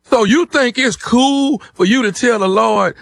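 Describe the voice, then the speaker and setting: Playful high-voiced man prank calling. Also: unhurried, vocal fry, fairly bright tone, dry recording. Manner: teasing, playful, repeats phrases. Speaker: radio prank caller. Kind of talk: prank phone call and studio banter.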